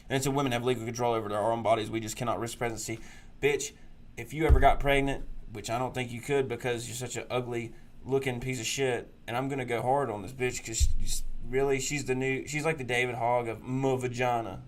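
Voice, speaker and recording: A man's voice: mid-range voice, steady tone, a little fast. A man hosting a political talk show, ranting crudely and mocking people in sneering put-on voices. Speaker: podcast host.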